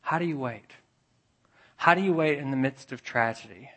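Guy pastor giving a sermon, earnest, goes quiet and gentle on the tender bits. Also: moderate pace. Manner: earnest, drops soft and low for tender lines.

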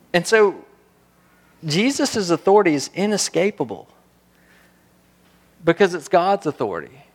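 A man preaches a sermon in a fairly high voice, growing animated and building to emphatic peaks. He often repeats and restarts his words as he goes. His voice rings out with a long reverb, as in a large hall. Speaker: pastor.

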